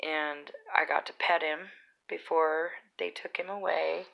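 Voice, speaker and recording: A woman's voice: low-pitched, fairly even intonation, a little slow, creaky, a bit bright, poor audio. A young woman from Utah telling rambling stories in a casual vlog, full of fillers. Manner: chatty, rambling, lots of fillers. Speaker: vlogger. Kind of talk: casual storytelling.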